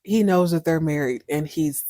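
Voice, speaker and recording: Animated, slangy woman recapping a soap. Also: low-pitched, normal speed, no echo, clean studio sound. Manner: animated, slangy, laughing storyteller. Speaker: podcast host. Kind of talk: casual soap opera recap.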